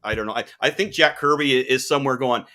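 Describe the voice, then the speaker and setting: A man's voice: mid-range voice, quick pace. A man hosting a podcast, chatting with enthusiasm like an eager fan. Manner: enthusiastic, animated fan talk. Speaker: podcast host. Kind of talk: casual podcast chat.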